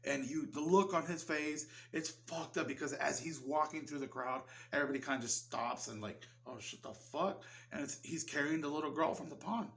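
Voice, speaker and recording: A man's voice: a little high, fairly even intonation, brisk, creaky, few pauses, a bit bright, slight background noise. A man giving a casual film review, rambling loosely and swearing freely. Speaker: movie reviewer.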